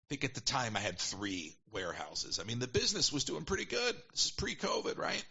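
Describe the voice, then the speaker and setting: A man casually telling a long story as a podcast guest, animated and quick to quote people in put-on voices. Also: medium pitch, vocal fry, slightly rough, highs cut off. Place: at home.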